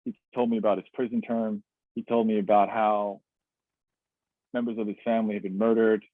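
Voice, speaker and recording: A man's voice: on the low side, level tone, a little fast, no echo. A man telling a personal story as a webinar guest, candid and reflective, with many fillers and restarts. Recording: tinny dry webinar audio.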